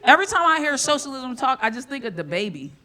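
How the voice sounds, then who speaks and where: A woman working a comedy club stage in a live stand-up set. Her voice is bright and forceful, and her delivery is brash and profane. She keeps jumping into sudden loud outbursts. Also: sits high, sing-song, fast.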